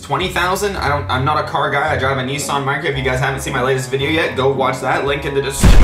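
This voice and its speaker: Excitable young guy, echoey room. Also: mid-range voice, fast, over loud music. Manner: excitable, panicky yelling and laughing. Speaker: YouTuber. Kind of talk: live reaction commentary.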